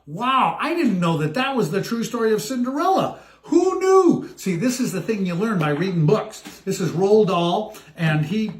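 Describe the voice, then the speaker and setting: A man reading a poem story aloud in a playful, animated way, breaking off for excited asides. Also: high voice, moderate pace, few pauses, roomy sound.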